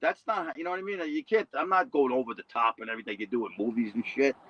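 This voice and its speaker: A man's voice: medium pitch, fast talker, muffled recording. A man rambling through a casual livestream chat, often tagging on "you know what I mean".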